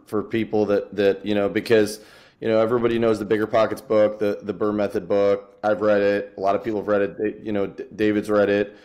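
A man's voice: on the low side, a little mellow. A male podcast host asks his guest questions in a loose, casual way. His phrasing trails and restarts, and he adds dry, sarcastic asides. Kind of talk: podcast interview.

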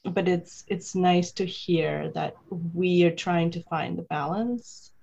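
A woman's voice: fairly low pitch, steady tone, slow, vocal fry, darkish tone, highs cut off. A woman co-hosting a podcast, chatty and enthusiastic in her asides. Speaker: podcast co-host. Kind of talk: casual podcast conversation.

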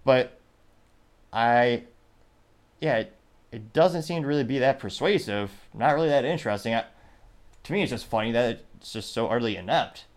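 A male host talks through the day's news in a casual, wry manner. His voice sits at an ordinary middle pitch. He stops and restarts often and reads quotes aloud with a dry edge. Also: expressive, moderate pace, long pauses. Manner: wry, offhand, with frequent restarts. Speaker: show host.

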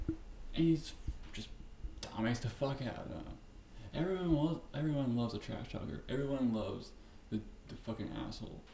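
A man hosting a podcast, talking alone in a profane, rambling and animated way. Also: medium pitch, vocal fry. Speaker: podcast host. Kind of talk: casual solo podcast rant. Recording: echoey room with faint background noise.

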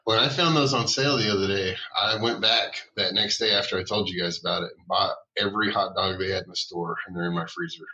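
A man with a low but very bright, sharp voice. He talks quickly and matter-of-factly in a casual chat. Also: fairly even intonation, lo-fi sound.

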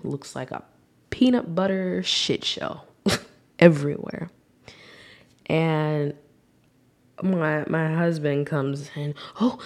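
A young woman talking candidly and reflectively on her own podcast as host, growing animated when she acts out scenes. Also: fairly low pitch. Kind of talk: solo podcast monologue.

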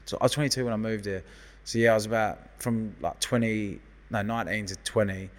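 Speaking a little fast in a low-leaning voice, the guest hairdresser from London spins sweary, lively stories in casual conversation. He's in his thirties with a London accent, and the recording has a big-room feel.

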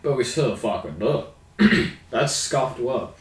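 A man's voice: medium pitch, expressive, takes it slowly, distant mic. A young Australian man co-hosting a casual podcast, laid-back and sweary, with dry jokes. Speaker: podcast co-host. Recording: echoey room, off-mic.

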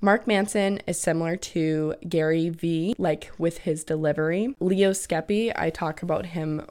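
A woman's voice: fairly low pitch, fairly even intonation, measured pace, darkish tone. A young woman in her twenties hosting a casual solo podcast, chatty and peppering her talk with "like" and the odd swear word. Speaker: podcast host.

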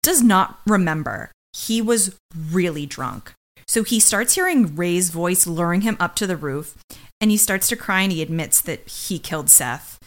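A woman's voice: lowish voice, animated, normal speed. A woman co-hosting a podcast, recapping a TV episode in casual chat and giving blunt opinions. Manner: blunt and opinionated, acts out characters' lines. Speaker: podcast co-host.

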